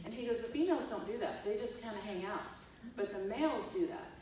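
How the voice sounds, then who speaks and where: A woman's voice: fairly high pitch, quick pace, slight background noise. A woman, giving a conversational keynote talk and acting out the quotes as she tells stories. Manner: animated storytelling, acts out quotes. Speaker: keynote speaker, professor. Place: large echoey hall. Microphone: distant room mic. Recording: echoey hall, distant mic.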